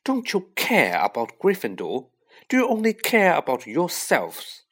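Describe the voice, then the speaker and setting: A man voicing a bossy, know-it-all schoolgirl who scolds in a shrill, hissing voice. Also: sing-song, measured pace, fairly bright tone, slightly rough, full character voice. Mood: scolding.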